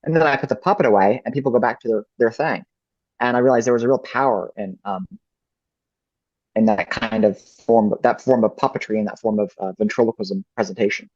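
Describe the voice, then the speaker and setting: A man's voice: medium pitch, fairly even intonation, fairly quick, a little mellow, no echo. A man answering interview questions as a ventriloquist guest, reflective and thinking aloud. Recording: dull lo-fi dry recording.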